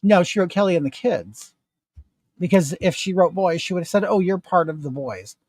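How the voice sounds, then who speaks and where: A man's voice: sits high, normal speed, slightly rough, no room sound. A middle-aged man casually telling an indignant personal story to the camera while doing his makeup. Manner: animated, indignant retelling with rising emphasis. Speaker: vlogger.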